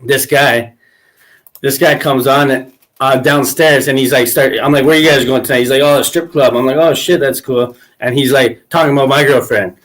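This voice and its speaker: A man hosting a podcast, telling crude stories in a casual chat, acting out quotes with big jumps in pitch. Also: normal speed. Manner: animated, acts out quotes with pitch jumps, laughs often. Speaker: podcast host.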